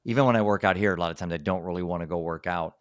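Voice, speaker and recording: A man's voice: sits low, very fast, no echo, studio quality. A man hosting a podcast, talking casually and rambling with many restarts. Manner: rambling, frequent restarts and "you know". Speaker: podcast host and speaker. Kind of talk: casual conversation.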